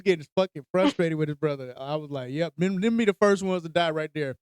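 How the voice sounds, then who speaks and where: Male podcast host, 30s, lively storyteller doing voices; smooth, fairly high, dry sound. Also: a little fast, hardly any pauses, no echo. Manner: animated storyteller, acts out voices, laughs often. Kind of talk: casual storytelling chat.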